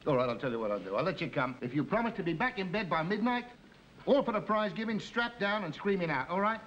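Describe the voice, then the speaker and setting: A man's voice: high-pitched, animated, quick pace, fairly bright tone. An actor playing a cheeky, scheming male friend who talks in a chummy, wheedling way, in a 1950s radio comedy. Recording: muffled old radio recording with faint hiss.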